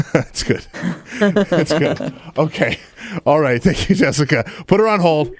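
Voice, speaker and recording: Male call-in radio host, animated and easily amused, dry close mic. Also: on the high side, slow pace, no room sound. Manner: animated and easily amused, laughs along with callers. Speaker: radio talk show host.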